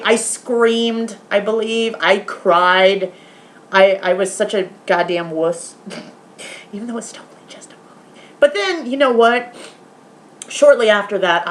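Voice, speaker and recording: A woman in a casual vlog, retelling a horror film's ending in animated detail, swearing often and now and then softly talking aside to her pet. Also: medium pitch, slight background noise. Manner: animated, swearing, retelling scenes with quoted voices. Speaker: vlogger. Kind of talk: casual movie review vlog.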